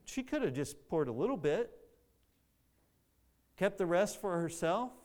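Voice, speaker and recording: A man's voice: high-pitched, very animated, unhurried, darkish tone. A man preaching a sermon, earnest, often repeating words as he searches for the phrasing.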